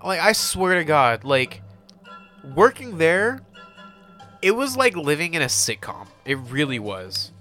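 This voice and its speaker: A man's voice: fairly high pitch, big pitch swings, measured pace, pushed and bright, faint music behind. A young man with a stuffy nose, co-hosting a podcast in a casual, slangy way, often laughing as he tells stories. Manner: laid-back, laughing, slangy storytelling. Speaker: podcast co-host. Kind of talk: casual chat.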